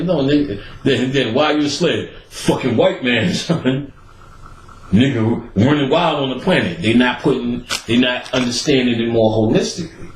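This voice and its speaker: A man's voice: mid-range voice, normal speed. A man hosting a show, giving a casual, profane rant and laughing between points. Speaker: host. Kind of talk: casual ranting monologue. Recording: roomy echo, faint background ambience.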